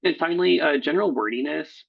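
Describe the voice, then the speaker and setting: A man with a gravelly, husky voice teaches a writing workshop over his slides, often pausing on fillers and restarting words. The sound is dull and lo-fi, like a computer mic. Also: a little high. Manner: halting, frequent fillers and self-corrections. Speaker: proposal editor. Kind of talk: recorded workshop lecture. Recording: dull lo-fi recording.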